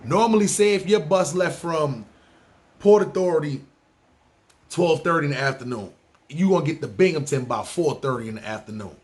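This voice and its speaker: A man with a New York City accent hosting a podcast, talking in a loose, animated, profane street style. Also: a little high, normal speed. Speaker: podcast host. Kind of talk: casual monologue ranking places.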